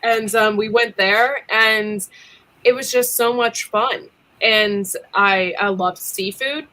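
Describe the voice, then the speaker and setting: A chatty woman hosting a casual livestream, giggling often and leaning on ums between thoughts. Her voice is bright and forward, sitting in an ordinary middle pitch. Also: steady tone, slow. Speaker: livestream co-host.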